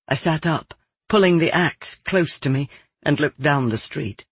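A man reading a dark first-person novel aloud in a measured, grim storytelling manner. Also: fairly high pitch, animated, husky, no echo. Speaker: audiobook narrator. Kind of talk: scripted first-person fiction narration.

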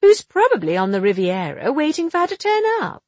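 A woman reading the lines of a quick-witted young woman amateur sleuth, chatty and teasing, with a breathy voice. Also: fairly high pitch, wildly swooping pitch, a little mellow, no echo. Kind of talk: audiobook dialogue reading.

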